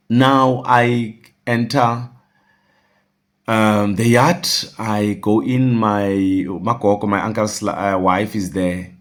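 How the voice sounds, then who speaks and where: A man telling a personal story, rambling, with restarts and quoted dialogue. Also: on the low side. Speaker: vlogger.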